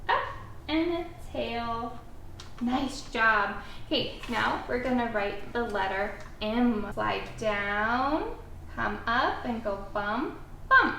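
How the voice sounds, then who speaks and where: A woman teacher with a high, bouncy voice that swoops up and down as she coaches a young child letter by letter. She sounds encouraging and animated, recorded from a little way off in an echoey room. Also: slow, vocal fry, a little hiss or hum. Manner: animated, encouraging, step-by-step prompting. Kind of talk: guided writing lesson for a young child. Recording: echoey room, mic at a distance.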